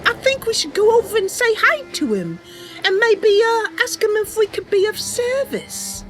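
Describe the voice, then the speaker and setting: A woman voicing a sweet, eager young elf woman who dreams of becoming a knight, talking in a bright, earnest, wide-eyed way in a game role-play. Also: very high-pitched, sing-song, moderate pace, faint music behind, voice pushed up.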